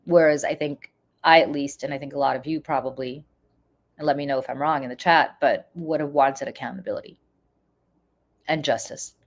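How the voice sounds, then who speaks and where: A woman's voice: rumbling low, steady tone, brisk. A woman with a congested voice, giving casual live-stream political commentary and chatting with viewers, with frequent ums.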